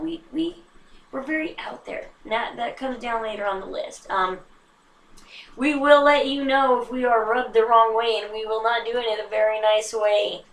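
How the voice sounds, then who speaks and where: Woman vlogger, casual self-mocking chat, roomy echo, slightly distant mic. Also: a little high. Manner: chatty, self-mocking, animated with sudden hushed asides.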